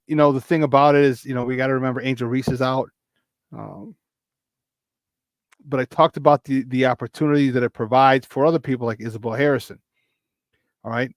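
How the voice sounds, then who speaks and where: A man's voice: medium pitch, dry recording. A man with a Chicago accent hosting a casual live-streamed sports talk show, riffing animatedly and greeting chat viewers by name.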